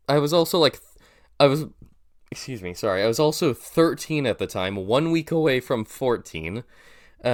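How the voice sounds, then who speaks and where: A young man with a nasal voice, rambling through casual reaction commentary with lots of fillers and restarts, poking fun at himself. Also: mid-range voice. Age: young adult. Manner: rambling, self-deprecating, many fillers and restarts. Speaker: YouTuber reacting to his old video.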